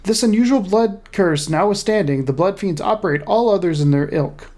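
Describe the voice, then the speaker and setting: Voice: medium pitch, lively intonation, normal speed, darkish tone, pitched above the performer's own voice, natural voice. A gamer doing a grave British lore narrator. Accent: put-on British. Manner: dramatic, stumbles over hard sentences. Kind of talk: reading in-game lore aloud.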